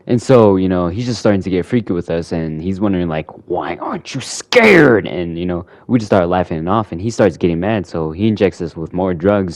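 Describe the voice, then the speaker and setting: A deep-voiced man casually recapping a game, rambling along with a lot of "you know". The sound is dry and close, with no room echo. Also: mellow. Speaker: gaming channel host.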